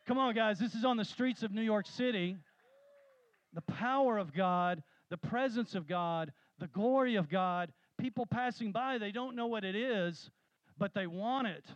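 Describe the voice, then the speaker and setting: A man preaching a sermon, telling stories with animated, rising emphasis. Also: high-pitched, unhurried, pauses often, no echo, lo-fi sound. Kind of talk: sermon with storytelling.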